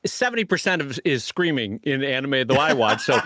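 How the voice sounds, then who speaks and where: A man co-hosting a podcast in casual chat, animated and jokey, reading listener questions aloud. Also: mid-range voice, brisk, no echo, studio quality. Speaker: podcast co-host.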